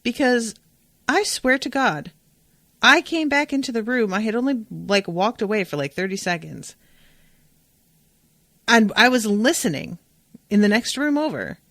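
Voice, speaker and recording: A woman hosting a podcast, recapping an episode in a casual, animated, profane and digressive way. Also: a little high, unhurried, pauses often, no room sound. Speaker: podcast host.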